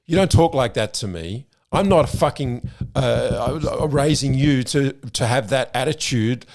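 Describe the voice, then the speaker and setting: A man's voice: medium pitch, expressive, unhurried, pitched above the performer's own voice. A man voicing an angry, strict European father who swears as he scolds his teenage son. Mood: furious. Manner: shouting, swearing, repeating "no".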